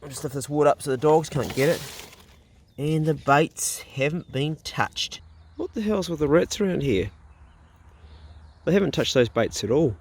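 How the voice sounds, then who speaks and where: A middle-aged New Zealander chats to camera outdoors on a rural property, laid-back and talkative, at a moderate pace with lively intonation, long pauses, and a slightly rough voice. When he addresses his dogs, his voice gets higher and louder. Guitar music plays beneath this casual vlog.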